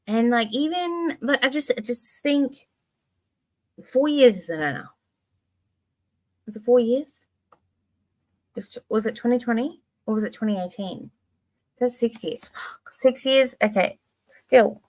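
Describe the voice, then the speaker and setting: A woman's voice: on the high side, unhurried, pauses often. Chatty, rambling woman streamer. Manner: rambling, expressive, swears casually; reads chat comments aloud. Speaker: livestream host. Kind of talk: casual livestream chat.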